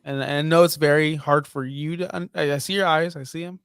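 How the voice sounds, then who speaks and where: A man's voice: on the high side, fairly even intonation, brisk, a bit bright, smooth, dry recording, studio quality. A young man co-hosting a casual wrestling podcast, blunt, profane and full of strong opinions. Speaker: podcast co-host.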